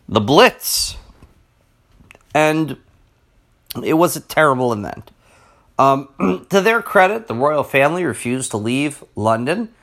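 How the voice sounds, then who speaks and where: A mid-pitched man unhurriedly talks through history as a podcast host. His delivery is rambling, with stumbles and restarts and the odd throat-clear. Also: fairly bright tone. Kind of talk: casual history podcast monologue.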